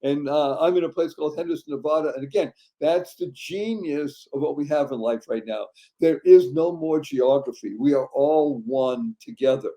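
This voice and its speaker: A man hosting a podcast, animated and playful, fond of wordplay, with sudden loud bursts of emphasis. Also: fairly high pitch, moderate pace, hardly any pauses. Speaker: podcast host. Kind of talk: upbeat podcast chat.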